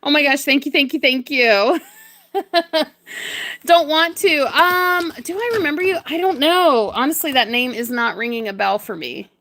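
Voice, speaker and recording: A woman's voice: high voice, a little slow, pushed and bright. A young woman chatting casually on a craft livestream, greeting and thanking viewers with frequent giggles.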